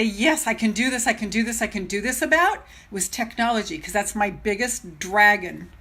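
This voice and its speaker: A woman's voice: mid-range voice, brisk, few pauses, pushed and bright. An older woman, a self-love coach, chatting live with her followers in a gushing, chatty way and greeting viewers as they join, speaking into her phone camera at home. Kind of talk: live video chat with followers.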